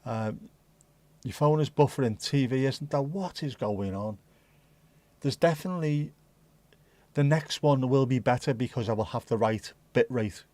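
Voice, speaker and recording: A man's voice: mid-range voice, normal speed, darkish tone, no echo. Rambling man on a livestream. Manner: rambling, thinking aloud, chatting to viewers. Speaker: livestream host. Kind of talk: casual livestream chat.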